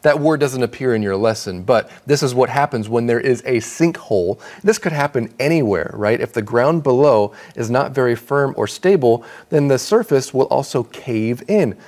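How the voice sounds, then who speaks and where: A man co-hosting an English lesson, explaining words in a relaxed, chatty way with everyday fillers. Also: mid-range voice, moderate pace, few pauses. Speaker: English teacher co-host. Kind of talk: casual classroom explanation.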